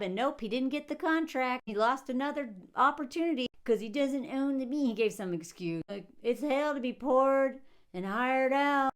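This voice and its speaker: A young woman giving casual, sarcastic commentary on a film, animated and acting out quotes. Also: on the high side. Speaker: movie commentator.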